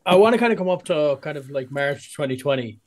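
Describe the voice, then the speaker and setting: A podcast host, a man with a slightly high voice, asks his guest long, wandering questions. He pads them with many filler words and circles before landing on the point. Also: animated, fast talker. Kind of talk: interview questions.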